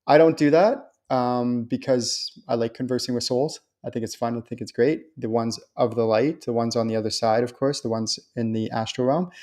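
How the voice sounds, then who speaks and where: A man hosting a live stream on spiritual topics, talking in a chatty, reassuring way and acting out quoted voices with lively jumps. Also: mid-range voice. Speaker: host and spiritual channeler. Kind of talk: live-stream talk answering viewer questions.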